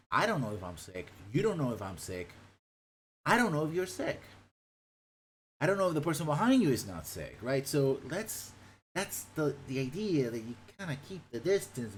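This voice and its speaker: A man from Puerto Rico talks casually on his live stream, rambling from thought to thought and swearing freely. His voice swings up and down in pitch. A faint noise sits under the recording. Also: poor audio. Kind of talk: casual chat.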